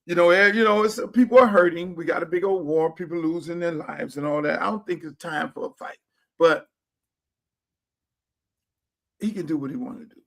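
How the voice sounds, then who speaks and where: A middle-aged man, hosting a livestream in a blunt, profane, animated manner. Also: on the high side, fast talker, creaky. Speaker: host. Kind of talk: casual livestream talk. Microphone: streaming setup.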